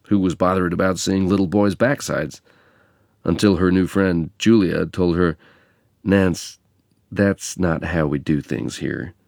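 A man from England narrating a memoir in a measured, reflective reading. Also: low voice, gravelly, darkish tone, no echo, clean studio sound.

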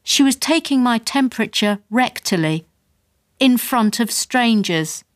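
A woman's voice: fairly high pitch, expressive, unhurried, no echo, clean studio sound. A woman narrating a memoir audiobook with wry, comic storytelling.

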